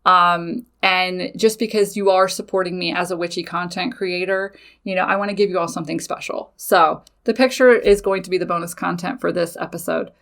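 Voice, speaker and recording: Animated, swearing woman telling her story. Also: on the low side, fairly quick, gravelly, hardly any pauses. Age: adult with children. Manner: animated, swears freely, talks straight to listeners. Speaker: podcast host. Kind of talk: casual personal storytelling.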